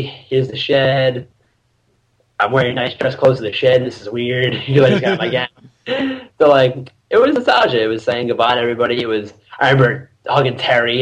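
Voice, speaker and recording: A young man in his twenties, a podcast guest, chatting casually and telling lively stories full of laughter and shouted quotes. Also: medium pitch, low-quality recording. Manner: animated storyteller, laughs often, acts out shouted quotes. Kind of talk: casual chat.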